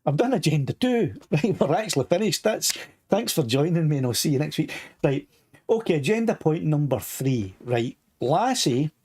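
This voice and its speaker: A man's voice: on the high side, darkish tone, slightly rough. An older Scottish man with a Scottish accent and a slightly sore throat, rambling chattily as he hosts a live stream and reads out viewer comments. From Scotland. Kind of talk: casual live stream chat.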